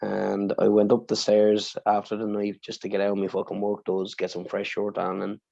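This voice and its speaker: A man on a podcast telling an emotional personal story, swearing freely and speaking with deep feeling. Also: completely flat delivery, moderate pace, gravelly, darkish tone, lo-fi sound. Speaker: podcast co-host.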